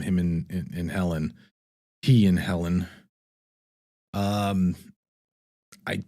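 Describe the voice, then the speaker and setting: A man with a slightly low voice hosts a relaxed live stream. He rambles loosely, reads viewer comments aloud and laughs often between thoughts. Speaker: livestream host. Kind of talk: casual live-stream chat.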